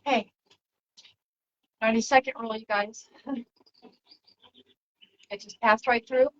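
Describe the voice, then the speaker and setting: Woman, spiritual livestream host, soft and drifting delivery, light high voice. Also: steady tone, slow, lo-fi sound. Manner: soft, reflective, drifting between topics. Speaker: spiritual channeler broadcasting to viewers. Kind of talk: casual spiritual livestream talk.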